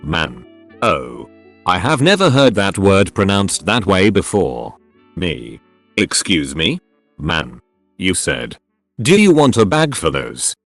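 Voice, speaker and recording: A man with a low voice reads forum stories aloud, his pitch rising and falling a lot from line to line. He reads every typo and edit note just as it is written. Soft music plays quietly behind him. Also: huge pitch swings, takes it slowly. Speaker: narrator. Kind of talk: reading online posts aloud.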